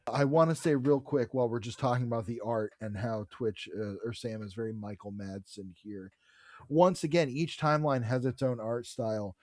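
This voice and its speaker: A man's voice: mid-range voice, moderate pace, no room sound. Casual man retelling a comic plot. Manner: animated retelling with swearing. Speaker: podcast co-host. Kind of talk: casual comic book discussion.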